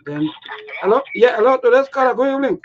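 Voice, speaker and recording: High-voiced host, muffled broadcast sound. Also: male voice, lively intonation, a little hiss or hum. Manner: brisk, interjects often, takes caller after caller. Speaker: call-in show host. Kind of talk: call-in talk show hosting. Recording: muffled, dull broadcast audio.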